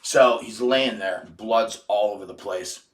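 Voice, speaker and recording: This podcast guest has a low voice and a measured pace as he wanders through a crude, casual story, often circling around and beginning sentences again. He sits somewhat back from the mic, so the echoey space is audible.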